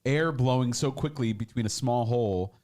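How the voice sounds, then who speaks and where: A man's voice: mid-range voice, normal speed, darkish tone. A man co-hosting a casual podcast, chiming in with dry, teasing remarks. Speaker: podcast co-host.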